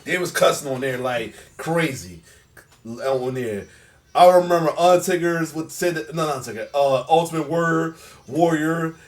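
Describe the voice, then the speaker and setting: A man hosting a reaction video in casual chat, excitable, laughing often and restarting his sentences. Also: a little high, far from the mic. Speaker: reaction channel host.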